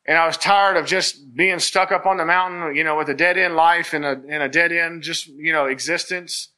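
Earnest man, bright forceful voice. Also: fairly high pitch, steady tone, normal speed, clean tone. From Virginia, US. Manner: earnest, rambling storytelling with many restarts. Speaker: church member giving testimony. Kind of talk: personal testimony.

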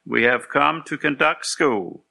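A preacher voicing a calm, firm young schoolteacher in a sermon story, with a gentle, reasoning tone. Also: male voice, fairly high pitch, measured pace, gravelly, voice pushed up, full character voice. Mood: firm, kindly.

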